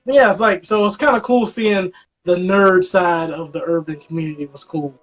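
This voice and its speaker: High-voiced animated man chatting. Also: normal speed, soft background music. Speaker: movie review co-host. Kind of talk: casual chat.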